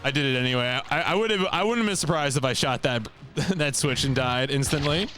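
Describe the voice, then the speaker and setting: A man's voice: mid-range voice, a little fast, over music. A young man giving casual commentary while playing a video game, rambling and leaning on filler words. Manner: rambling, many "like" fillers, laughs to himself. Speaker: let's play host.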